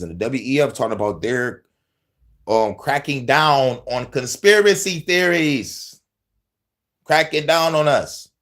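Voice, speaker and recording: A man hosts his own podcast, pitch swinging widely as he rants. He swears freely and breaks into laughter between points. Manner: animated, profane, laughs often. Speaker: podcast host. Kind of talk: profane conspiracy commentary.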